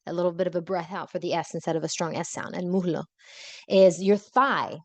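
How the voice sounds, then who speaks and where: A young adult woman hosting a podcast language lesson, explaining vocabulary patiently, repeating words slowly and dropping in casual asides. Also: on the low side, steady tone, no room sound. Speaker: Spanish teacher and podcast host.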